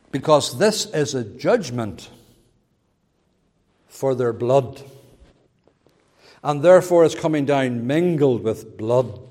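Man, preacher, fervent sermon delivery, high voice, reverberant hall. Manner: fervent, rising to loud emphatic peaks.

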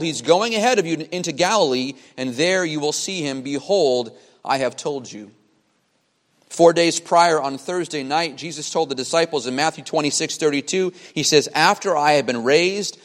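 A man preaching a sermon as a pastor, emphatic, with dramatic pauses and repeated phrases. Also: on the high side. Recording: long hall reverb.

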